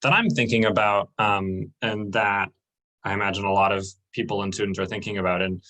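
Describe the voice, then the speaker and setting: A man moderating a question session, speaking gently with halting restarts. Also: on the low side, fairly even intonation, low-quality recording.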